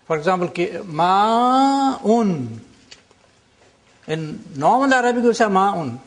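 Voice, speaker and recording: An older man teaching a classroom lecture, explaining slowly and deliberately and drawing out example words. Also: high-pitched, lively intonation.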